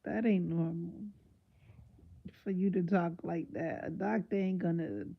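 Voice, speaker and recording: A woman hosting her own live stream, reacting to what she reads with loud, teasing, disbelieving commentary full of slang. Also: fairly low pitch, steady tone, unhurried, gravelly, muffled recording. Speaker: livestream host.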